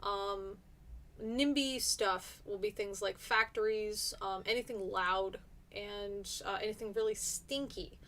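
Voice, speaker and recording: Woman teacher on a live stream, chatty and encouraging, mid pitch, reading out student comments. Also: steady tone, slow pace, a bit bright. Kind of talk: live-streamed class discussion.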